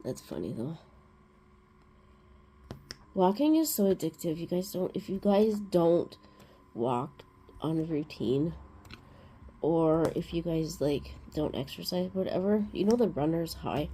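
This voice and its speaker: Woman host, casual rambling storyteller, lowish warm tone. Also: expressive, measured pace, long pauses, breathy edge. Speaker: crafting vlog host. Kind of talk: casual chat.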